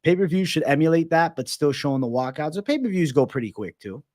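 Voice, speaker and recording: Reading chat messages on a casual livestream, a host answers viewer questions with loose, swear-filled, joking banter. He talks fast with big pitch swings and frequently drops low and quiet as he wraps up a thought.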